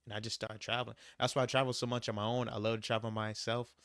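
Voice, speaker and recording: Quick-paced and fairly bright, a young man's mid-range voice shows little pitch movement as he vlogs about travel and urges viewers on, casually and emphatically repeating points and saying "you gotta" often. The recording is dry and studio quality.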